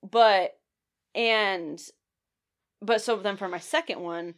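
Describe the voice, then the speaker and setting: Young woman co-host, everyday animated storyteller, loose and laughing, casual swearing. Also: mid-range voice, slow pace. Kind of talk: casual chat.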